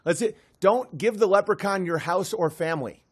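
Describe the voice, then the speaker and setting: A man delivering a comedy monologue in an animated way, often dropping into character voices. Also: sits high, normal speed, slightly rough.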